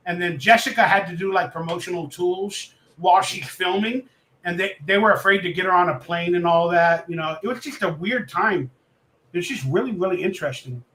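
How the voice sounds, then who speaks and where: Excitable male interview guest with a bright, high voice; roomy sound. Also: fairly quick. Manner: excitable, acts out quoted voices. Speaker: actor guest. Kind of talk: animated storytelling in a live interview.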